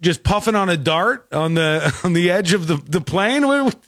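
A man hosting a casual talk show, telling a story in an animated way and laughing often. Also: high voice, moderate pace, no room sound, clean studio sound. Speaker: podcast host. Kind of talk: casual chat.

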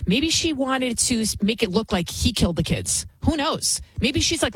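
A woman's voice: a little high, sing-song, normal speed, breathy edge, dry recording. A woman host giving heated, emphatic opinion commentary on her show, repeating points for emphasis.

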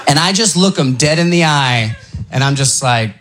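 A man's voice: a little high, moderate pace. A man doing stand-up, telling a story with animation and acting out each exchange. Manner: animated, acts out the dialogue. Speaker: stand-up comedian.

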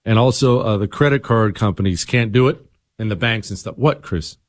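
A man's voice: lowish voice, normal speed, no echo, clean studio sound. A middle-aged man hosting a talk radio show, sarcastic and teasing in his asides.

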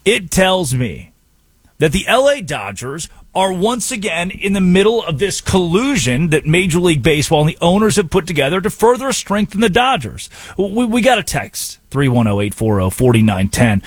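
Sports radio guy ranting, husky voice, pitch all over the place, dry studio sound. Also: a little slow, dry recording. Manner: emphatic, animated, argumentative. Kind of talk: sports talk radio monologue.

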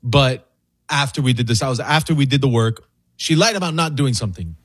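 A man in his thirties on a talk show, telling a family story in a laid-back, chuckling way with a husky voice. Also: mid-range voice, expressive, brisk. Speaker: co-host. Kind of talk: casual storytelling banter.

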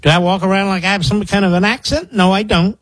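A man's voice: high voice, fairly even intonation, fast talker, fairly bright tone, no echo. A man in his sixties from the Philadelphia area, hosting a political talk radio show in a sarcastic, combative way. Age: 60s.

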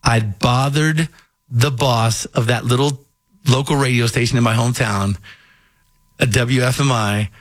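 A man's voice: medium pitch, measured pace, no room sound. A man from Kentucky with a faint Southern accent, a radio host telling stories in casual on-air chat. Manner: animated storyteller, acts out voices.

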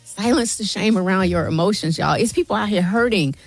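A woman's voice: mid-range voice, brisk, dry recording, faint music behind. A middle-aged woman speaking earnestly as a guest on a radio show, pleading with listeners and calling them y'all. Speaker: guest, mental health advocate. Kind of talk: emotional radio interview. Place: radio studio. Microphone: studio mic.

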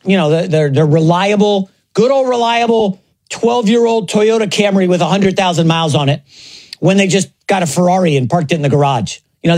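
A man hosting a sports talk show, giving opinionated, sarcastic commentary. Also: high-pitched. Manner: sarcastic, animated, mocks others in put-on voices.

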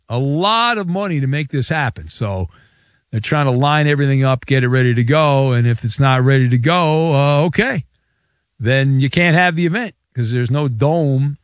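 A man hosts a late-night sports talk radio show, his delivery sarcastic and teasing as he ribs his callers. His pitch sits a little high and swings widely. The studio sound is close and dry. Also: lively intonation, normal speed, no room sound. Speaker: radio host.

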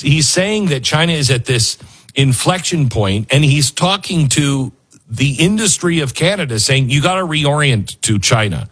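A man delivers casual political commentary with a sarcastic, mocking edge. His voice is a little husky. His pitch swings widely from low grumbles to high, incredulous jabs. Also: a bit bright. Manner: sarcastic, mocking, breaks into put-on voices and laughs. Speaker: show host.

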